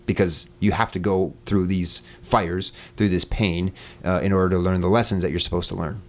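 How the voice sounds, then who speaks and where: A man with a very deep voice tells a story as a podcast guest. He talks casually and loosely, with plenty of fillers, and slips into the voices he quotes. His tone has a gravelly edge. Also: normal speed. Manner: relaxed, many fillers, acts out quoted voices.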